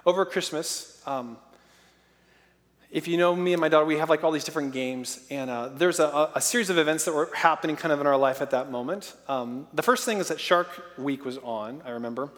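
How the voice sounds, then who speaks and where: Man preaching, high voice, lively storyteller, long hall reverb. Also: fairly quick. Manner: lively, storytelling with playful sound effects. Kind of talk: sermon.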